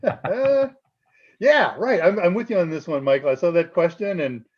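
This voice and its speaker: A man's voice: high-pitched, expressive, normal speed, slightly rough, lo-fi sound. A man co-hosting a live tech Q&A stream, explaining exam answers in a chatty way and laughing often.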